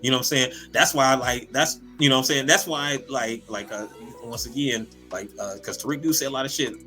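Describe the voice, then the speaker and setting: A man co-hosting a casual comedy podcast, talking in an animated, profane way, laughing often and repeating words as he goes. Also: mid-range voice, brisk, soft background music. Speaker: podcast co-host.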